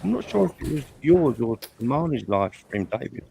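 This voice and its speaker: A man from England chatting casually on a livestream in a relaxed, agreeable way, fond of recalling old stories. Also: medium pitch, brisk, gravelly, a little hiss or hum. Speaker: livestream co-host. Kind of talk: casual chat.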